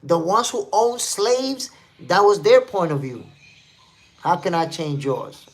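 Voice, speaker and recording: A man's voice: high voice, lively intonation, slow pace. New guy hosting a live stream, reads chat out, emphatic and repetitive. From New York City. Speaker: livestream host. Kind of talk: casual live commentary reading chat.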